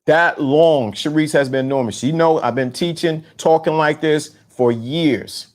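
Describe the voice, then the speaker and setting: A middle-aged man hosting a casual live stream, talking in slang, repeating himself and giving shout-outs to viewers. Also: fairly high pitch, unhurried. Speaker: host of a talk show on dating game. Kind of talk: casual live-stream talk reading chat.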